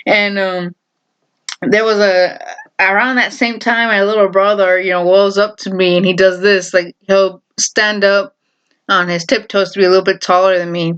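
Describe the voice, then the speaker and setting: A woman's voice: medium pitch, steady tone, normal speed, a bit bright, clean tone. A woman vlogger telling a story in a casual, rambling way, full of fillers and laughter. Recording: dull lo-fi recording.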